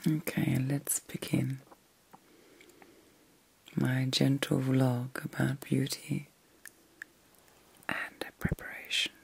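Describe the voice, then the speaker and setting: A middle-aged woman hosting a whispered ASMR vlog from bed at night, talking in a slow, soothing and reflective way. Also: a bass voice, level tone, creaky, husky. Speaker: ASMR host.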